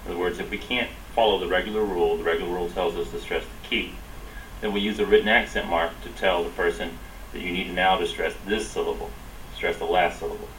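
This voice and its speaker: A man with a very low voice that still has a crisp, bright edge leads a Spanish lesson. He explains each rule and then drills the words slowly, saying them again and again. A faint hiss sits under the recording. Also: fairly even intonation, poor audio. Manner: slow, drilling repetition of words. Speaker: Spanish teacher. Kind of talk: classroom lesson.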